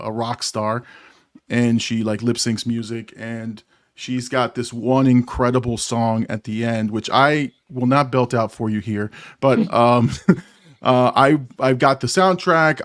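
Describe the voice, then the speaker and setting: A man's voice: medium pitch, no room sound, clean studio sound. A man in his forties hosting a casual movie chat, rambling and self-deprecating, laughing often. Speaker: podcast host.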